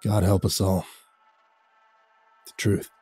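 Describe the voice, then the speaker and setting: A man voicing a weary older priest who speaks in a low, hushed, soothing way. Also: unhurried, soft background music. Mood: sad. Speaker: priest character.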